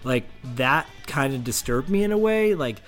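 A man's voice: a little high, expressive, moderate pace, fairly bright tone, faint music behind. A middle-aged man co-hosting a podcast in casual chat, enthusiastic and rambling, laughing easily. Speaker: podcast co-host.

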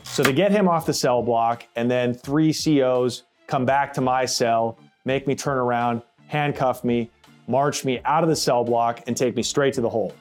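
With soft music behind him, a man narrates his own experiences for a storytelling podcast, speaking at a medium pitch and normal speed. His style is blunt and plainspoken, casual with swearing, and he acts out others' voices in quotes.

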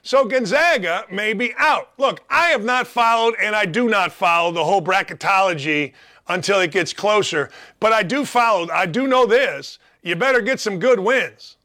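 Man, sports talk host, high bright voice, sarcastic, heated rant. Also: normal speed. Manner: sarcastic, mocking, loud and heated.

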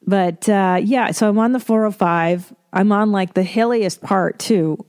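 A woman's voice: medium pitch, measured pace, a little mellow, no room sound, clean studio sound. Profane, self-mocking woman podcast host. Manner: profane, self-deprecating, rambling storyteller. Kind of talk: casual solo podcast monologue.

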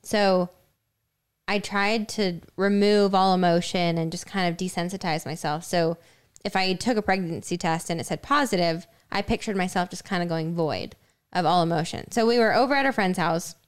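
A woman's voice: on the low side, normal speed, clean tone. A young woman co-hosting a podcast, telling a personal story in casual chat with lots of fillers. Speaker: podcast co-host.

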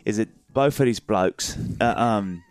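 A man's voice: on the low side, measured pace, darkish tone. A middle-aged man co-hosting a podcast in casual chat, joking, laughing often and restarting his sentences. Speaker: podcast co-host.

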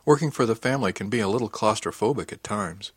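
A man's voice: fairly low pitch, quick pace, husky, no echo, studio quality. A man reading the part of a cheerful middle-aged woman spacer who teases easily and sounds motherly. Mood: wry. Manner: teasing, easygoing.

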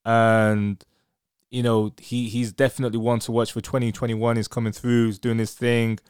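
An enthusiastic man hosts a podcast interview in a casual, effusive way. His voice is smooth and resonant, sitting at an ordinary pitch, and it is recorded dry and close with no room sound. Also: little pitch movement, moderate pace, darkish tone, no echo. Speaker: podcast host.

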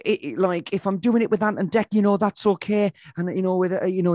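A man talking as a podcast guest about doing impressions, in an animated, chatty way with frequent laughs. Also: sits high, a little fast, hardly any pauses, no echo, clean studio sound. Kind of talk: casual chat.

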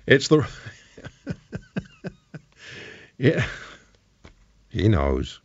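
A man hosting a talk radio show, combative, rhetorical and quick to joke as he interviews guests from a studio microphone. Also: fairly low pitch, wildly swooping pitch, breathy edge, dry recording, muffled recording.

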